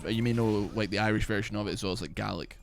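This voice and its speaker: A young man from Glasgow with a softened Scottish accent, chatting casually and profanely on a game stream, with lots of "like" and "man". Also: lowish voice, racing, vocal fry, no echo. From Glasgow, Scotland. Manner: rambling, profane, full of "like" and "man". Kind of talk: casual live-stream chat while gaming.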